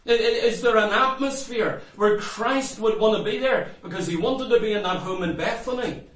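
Fervent preacher guy, really high voice, keeps asking the crowd questions, echoey church. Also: moderate pace, a bit bright. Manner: fervent, repeats rhetorical questions to the congregation. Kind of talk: sermon. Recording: echoey room, mic far off.

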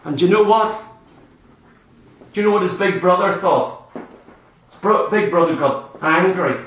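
A man with a very high, bright voice preaches a sermon, stressing his points with heavy repetition. He is picked up from some way off the mic in a very echoey hall. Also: a little slow, distant mic, a little hiss or hum. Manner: impassioned, emphatic preaching with repetition.

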